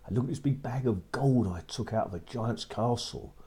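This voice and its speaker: A man's voice: mid-range voice, normal speed, mellow, close to an everyday voice. A man voicing a bold, cheeky boy in a children's story, talking cheerily and politely. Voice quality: husky. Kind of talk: storybook reading.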